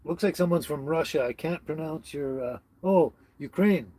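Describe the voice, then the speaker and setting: Husky man chatting on a livestream. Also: on the high side, moderate pace, dark tone. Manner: chatty, chuckles often, stumbles over names. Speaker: livestream host. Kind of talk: casual live chat reading viewer comments. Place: tiny house on wheels.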